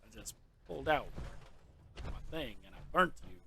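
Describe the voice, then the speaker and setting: A man's voice: on the high side, expressive, moderate pace, vocal fry, a bit bright, slight background noise, pitched above the performer's own voice. A man doing a smug gloating mock-Italian tough guy.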